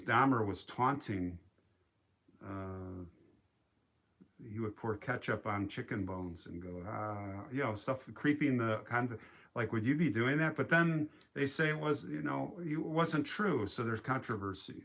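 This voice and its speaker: A man's voice: mid-range voice, a bit bright. Rambling man hosting a live stream. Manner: rambling, reads viewer comments aloud. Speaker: livestream host. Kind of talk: casual live-stream chat. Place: quiet home in the woods by a lake.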